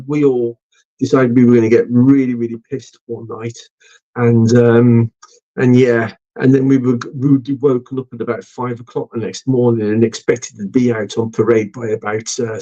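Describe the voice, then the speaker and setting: A man's voice: medium pitch, darkish tone. A middle-aged man hosting a casual live stream, rambling and swearing with lots of ums. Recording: dull lo-fi stream audio.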